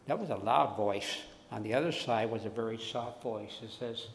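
A man preaching a sermon, telling his own story slowly, dropping to soft tones and then rising loud. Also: mid-range voice, slight background noise. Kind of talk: sermon testimony. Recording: echoey hall with long reverb.

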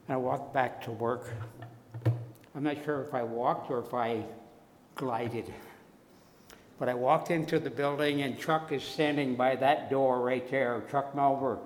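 A man preaching a sermon, telling his own story slowly, dropping to soft tones and then rising loud. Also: medium pitch, fairly even intonation. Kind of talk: sermon testimony. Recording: echoey hall with long reverb.

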